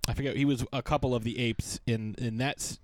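A man's voice: medium pitch, steady tone, fairly quick, no echo. A man co-hosting a podcast in casual chat, rambling and searching for his words. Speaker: podcast co-host.

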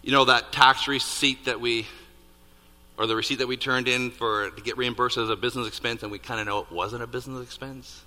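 A man preaching a sermon, building to loud peaks on key points and dropping to hushed asides. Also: mid-range voice, fairly quick. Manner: animated, rising to near-shouts on emphasis, dropping to hushed asides. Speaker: pastor. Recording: reverberant hall.

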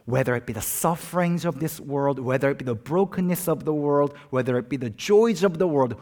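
A middle-aged man preaching a sermon, earnest, building to loud emphatic peaks on key phrases. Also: fairly high pitch, brisk, hardly any pauses. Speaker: pastor.

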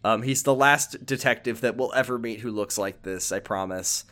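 A man's voice: mid-range voice, moderate pace, fairly bright tone. A young man hosting a podcast, recapping a video game in casual chat, rambling with lots of "um"s. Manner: rambling, many "um"s. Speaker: podcast host.

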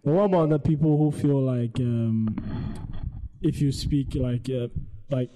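A man's voice: mid-range voice, a little slow, warm tone, low-quality recording. A young man hosting a podcast, casually asking questions and agreeing. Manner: asks questions, many short agreements.

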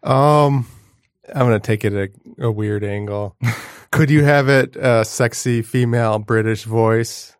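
A man's voice: mid-range voice, fairly even intonation, measured pace, smooth, dry recording. A man chatting casually on a podcast, telling stories in a dry, self-deprecating way. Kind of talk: casual chat.

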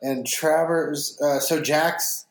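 A man's voice: fairly high pitch, fairly even intonation, slow. A man co-hosting a podcast, recapping a plot in casual chat. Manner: recapping a plot, acting out characters' lines. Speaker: podcast co-host. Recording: roomy echo.

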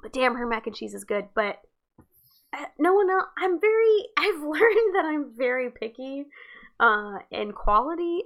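A woman's voice: sits high, sing-song, measured pace, fairly bright tone. A woman co-hosting a podcast, talking in a chatty, loose and candid way. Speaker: podcast co-host. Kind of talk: casual chat.

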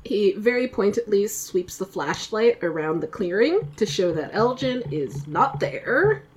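A woman describes her character's actions in a tabletop game, hesitant and full of "uh" and "um". Her pitch moves in a lively way, but her pace stays slow. Faint noise sits under her voice. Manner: hesitant, with many "uh" and "um".

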